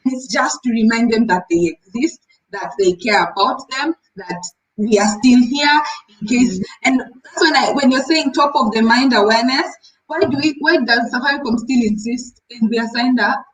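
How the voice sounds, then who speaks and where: A woman's voice: on the high side, normal speed, slight background noise, rough recording. A woman, co-hosting a casual business chat and acting out stories. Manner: animated storyteller, acts out callers. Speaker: co-host, rabbit seller.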